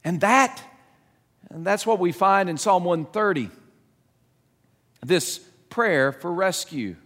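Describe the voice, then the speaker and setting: Middle-aged man, sermon, earnest halting delivery, high voice, long hall echo. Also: lively intonation, fairly bright tone. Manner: earnest, halting with many restarts, asks the listeners questions. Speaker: pastor.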